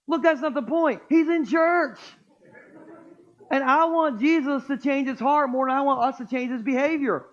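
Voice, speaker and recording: Pastor, male, high voice, playful crowd-working preacher in a church, lo-fi sound. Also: moderate pace, a bit bright. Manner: joking, playful, crowd-engaging. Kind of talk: sermon. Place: church auditorium.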